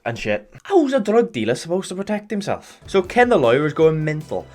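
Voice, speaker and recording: A man's voice: a little high, fairly quick. A British man giving sweary, sardonic comedic voice-over commentary on a game. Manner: sardonic, sweary deadpan jokes. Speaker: gaming YouTuber.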